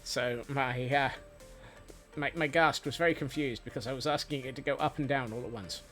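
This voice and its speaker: A man's voice: mid-range voice, steady tone, moderate pace, fairly bright tone. A man chatting casually while streaming a game, rambling and playful, with many fillers and restarts. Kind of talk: casual gameplay chat. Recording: faint music behind.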